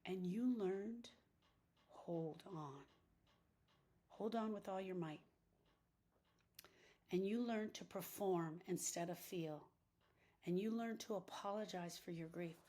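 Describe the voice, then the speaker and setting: Husky woman, impassioned grief talk. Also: on the low side, slow, long pauses, mellow. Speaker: grief coach and podcast host.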